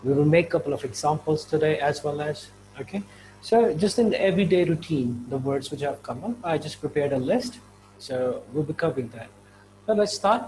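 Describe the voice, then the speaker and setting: Man, teacher, chatty, slightly higher voice, faint hum behind. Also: lively intonation, dark tone, low-quality recording. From India. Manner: chatty, repeats examples slowly, frequent "right?" and "you know". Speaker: English teacher. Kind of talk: casual online English lesson.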